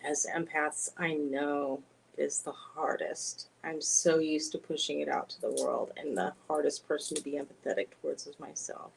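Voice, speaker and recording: A soft-spoken woman who reads oracle cards, chatting gently and laughing often on a live stream. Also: deep voice, normal speed, vocal fry, a little hiss or hum, low-quality recording. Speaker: oracle card reader and spiritual guide. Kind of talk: casual live-stream chat.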